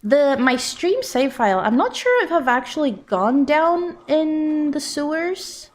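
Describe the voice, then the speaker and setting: A woman's voice: sits high, very animated, a little slow. A woman game streamer chatting casually as she plays, reading out and answering viewer messages. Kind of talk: casual live-stream chat while playing.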